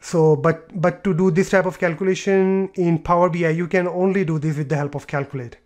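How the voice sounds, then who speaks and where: Man, fairly high voice, step-by-step screen tutorial, restarts and fillers, keyboard typing behind. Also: steady tone, fairly quick, darkish tone. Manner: explains step by step with fillers and repeats. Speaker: tutorial presenter. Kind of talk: screen-recorded software tutorial.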